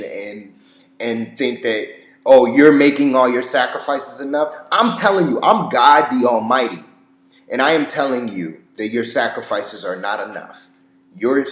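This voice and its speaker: A man's voice: medium pitch, lightly acted. A man voicing God as a blunt male deity who lectures in casual slang. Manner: casual street talk, lecturing. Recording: roomy echo.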